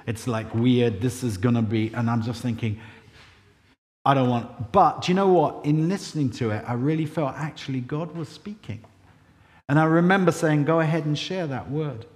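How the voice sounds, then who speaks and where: A man's voice: fairly high pitch, a little mellow. Conversational preacher man in a reverberant church. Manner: conversational storytelling with self-deprecating asides. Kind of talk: sermon.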